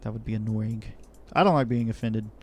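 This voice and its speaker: A man's voice: fairly low pitch, fairly quick, a little mellow. A man giving rambling, jokey, self-deprecating commentary while playing a city-building game. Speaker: let's play host. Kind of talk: casual gameplay commentary.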